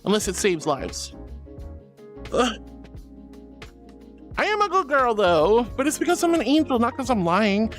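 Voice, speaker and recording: A woman's voice: very animated, unhurried, pauses often. Woman vtuber chatting w her chat, bouncy swoopy voice, goofy and teasing, bit of music behind. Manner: playful, teasing, swoops into squeaky cutesy tones. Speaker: VTuber streamer. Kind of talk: casual live-stream chat.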